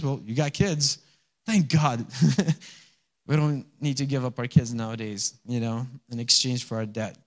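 A man, a pastor, preaching a conversational sermon and often checking in with the congregation. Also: medium pitch. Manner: conversational, asks the congregation for responses.

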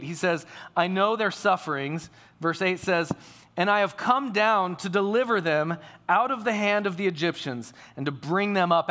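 A man's voice: on the high side, a bit bright. A man preaching a sermon to a congregation, telling a family story in a conversational way. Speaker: pastor.

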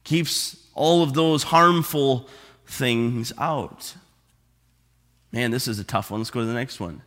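A man preaching a sermon as pastor, stressing and repeating key phrases slowly for emphasis. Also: medium pitch, a bit bright. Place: church sanctuary. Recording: long hall reverb.

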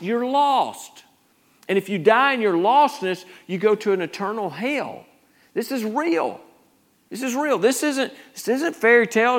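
Conversational male preacher, fairly high voice. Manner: conversational, rambling with restarts, rising to urgent emphasis. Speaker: pastor. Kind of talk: sermon.

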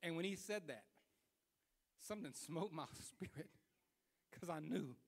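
Animated young man preaching a story. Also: fairly high pitch, measured pace, creaky, big-room sound. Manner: animated, swings from hushed self-scolding to loud retelling. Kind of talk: sermon storytelling.

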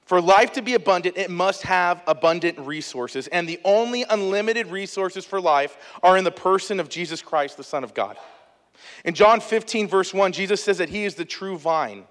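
A man's voice: high-pitched, expressive, moderate pace, a bit bright. A man in his thirties preaching a sermon as a pastor, telling stories in a conversational, emphatic way with asides to the congregation. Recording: echoey hall.

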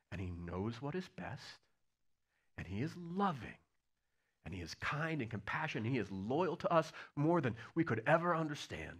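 A man preaching a sermon, telling stories with swings between loud bursts and hushed lines. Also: mid-range voice, breathy edge. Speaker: pastor.

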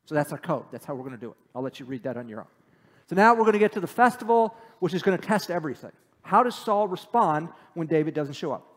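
A man's voice: a little high, expressive, fast, in a large hall. A man preaching a sermon who reads scripture aloud and then explains it in a casual, conversational way. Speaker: pastor. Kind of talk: sermon, Bible teaching.

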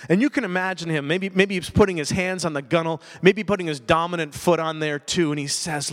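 A man preaching a sermon as pastor, expressive, swinging from loud declarations to hushed lines. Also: on the high side, fairly quick, hardly any pauses. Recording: long hall reverb.

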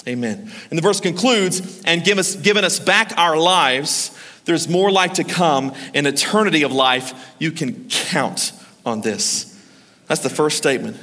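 A man preaching with a high, lively pitch and an energetic push, calling out for the room to answer him. His voice has a bright, forceful edge. It rings with the long reverb of a large church hall. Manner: energetic, urging the congregation to respond. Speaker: pastor. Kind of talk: sermon.

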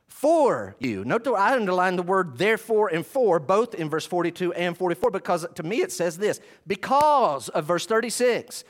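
A man's voice: fairly high pitch, expressive, a little fast. A man preaching a sermon, teaching through a Bible passage verse by verse and repeating key phrases for emphasis. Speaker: pastor.

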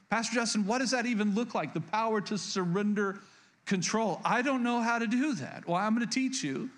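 Pastor, male, higher register; earnest preacher who repeats key points and restarts sentences. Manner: frequent stutters and restarts. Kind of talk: sermon.

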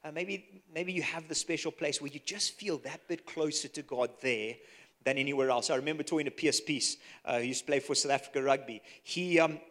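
Zimbabwean guy preaching, earnest storytelling sermon, goes soft and hushed to make a point. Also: fairly high pitch, a little fast. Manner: earnest, storytelling, drops to a soft hush for emphasis. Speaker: pastor.

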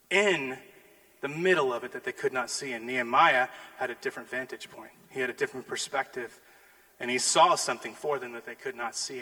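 A middle-aged man, a pastor, preaching a sermon and telling a family story with animated acted-out lines. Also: medium pitch, creaky, poor audio. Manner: animated storytelling, acting out his daughters' lines.

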